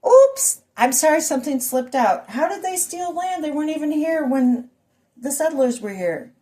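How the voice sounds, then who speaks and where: Woman vlogger, ranting monologue, rambling with asides, somewhat high voice. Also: animated, moderate pace, mellow. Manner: rambling, with rhetorical questions and asides.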